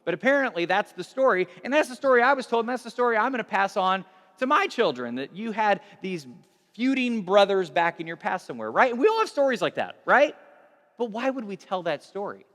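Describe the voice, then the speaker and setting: Speaking fairly quickly in a fairly high voice, a pastor tells stories through a relaxed sermon, conversational and self-deprecating, often doubling back and restarting. The large hall gives his voice a long reverb.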